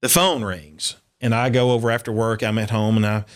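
Animated man telling a story. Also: fairly low pitch, brisk. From Upper Cumberland, Tennessee. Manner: animated storyteller acting out quotes. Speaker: country and bluegrass singer, guest. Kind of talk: storytelling interview.

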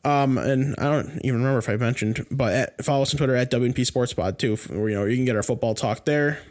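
A man's voice: mid-range voice, fast talker. A man co-hosting a sports podcast in casual chat, rambling and heated, with many restarts and fillers. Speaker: podcast co-host.

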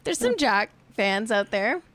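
A young woman hosting a podcast, a little tipsy and chatting casually. She rambles and giggles, full of fillers, and her pitch swings up and down a lot. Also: big pitch swings, measured pace, a bit bright. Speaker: podcast host. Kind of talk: casual chat.

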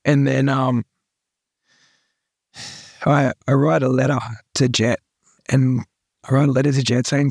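A man's voice: medium pitch, level tone, unhurried, gravelly, pauses often, darkish tone, slightly rough, dry recording, studio quality. A young Australian man, a podcast guest, telling his personal story candidly, often repeating himself and adding "like" and "right". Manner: earnest, repeats himself, full of likes and rights.

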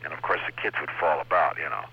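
A man's voice: extremely low pitch, fast, gravelly, husky. A man from Canada, an impressionist telling chatty stories about his early years in an interview. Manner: chatty, laughing storyteller who slips into voices. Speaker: impressionist guest. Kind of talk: anecdotal interview chat. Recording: lo-fi radio recording.

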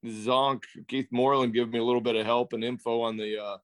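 A man in his fifties co-hosting a podcast, chatting casually in a relaxed, halting way. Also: medium pitch, clean tone. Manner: relaxed, halting, restarts phrases. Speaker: podcast co-host, former pitcher. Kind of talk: casual chat.

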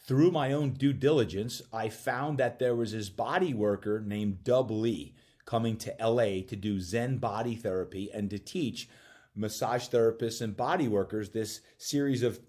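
A man, a coach and podcast guest, telling a personal story in an animated way and acting out bits of dialogue. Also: medium pitch. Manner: acts out dialogue in quick voices.

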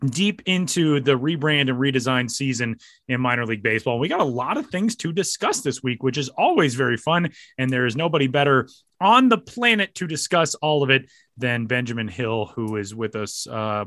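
A man hosting a casual podcast, joking around and quick to laugh. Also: mid-range voice, dry recording, clean studio sound. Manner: jokey, animated, quick to laugh. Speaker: podcast host.

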